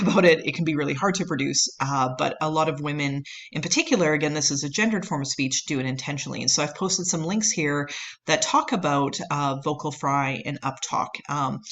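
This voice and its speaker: A woman's voice: deep voice, a bit bright. A woman lecturing on anthropology, explaining at length with many fillers and "right?" checks. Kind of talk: recorded lecture.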